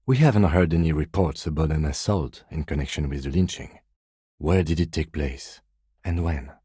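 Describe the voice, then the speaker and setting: An actor playing a reserved, precise middle-aged police lieutenant in a video game, speaking in a measured, formal, dry way. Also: male voice, extremely low pitch, mellow, breathy edge, no echo. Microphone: close studio mic.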